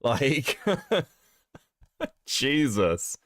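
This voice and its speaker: A man's voice: medium pitch, very animated, very slow, fairly bright tone, no echo, studio quality. Sick, swearing male streamer. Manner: swears a lot, laughs often, reads chat aloud. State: sick, rough voice. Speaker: streamer host. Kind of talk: casual livestream chat.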